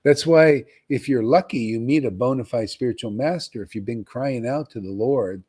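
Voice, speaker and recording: A man giving an informal, rambling devotional talk to followers, often pausing to ask "see?" and repeating himself. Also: mid-range voice, darkish tone, breathy edge. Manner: conversational, rambling, repeats words and asks "see?". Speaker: spiritual teacher.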